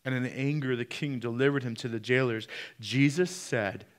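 A man preaching a sermon, swinging between loud peaks and quiet drops, and putting direct questions to the congregation. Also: mid-range voice, fairly even intonation, fairly quick, clean tone. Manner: preaching with sharp rises and drops in loudness. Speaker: pastor.

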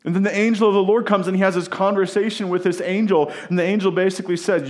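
A man preaching a sermon, retelling a scripture story in a casual, animated way with asides to his listeners. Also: sits high, fast talker, hardly any pauses. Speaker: pastor.

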